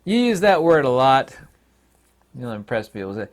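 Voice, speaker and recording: A man delivering a rambling philosophical monologue with a sardonic edge. His pitch jumps around a lot, dropping to low mutters and leaping up for loud mock-dialogue lines, and he keeps laughing at his own jokes. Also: big pitch swings, moderate pace, pauses often. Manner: swings from quiet mutters to loud high exclamations. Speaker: channel host.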